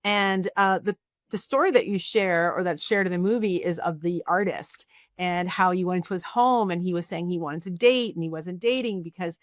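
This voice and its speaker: A woman's voice: lowish voice, normal speed, no echo, clean studio sound. A woman hosting a podcast, asking chatty questions with fillers. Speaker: podcast host. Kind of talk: casual interview.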